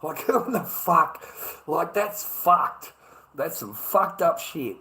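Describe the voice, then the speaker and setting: A man's voice: fairly high pitch, lively intonation, a little slow, pushed and bright, poor audio. A man with an Australian accent in a profane, repetitive monologue, stammering as he restarts his sentences. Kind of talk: ranting monologue.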